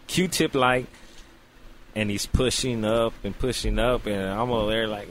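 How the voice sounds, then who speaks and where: A man's voice: medium pitch, a little slow, slight background noise. A man telling a long comic story in casual, profane slang, acting out the voices in it. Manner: animated, profane, acts out voices in his story. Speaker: podcast host telling a story.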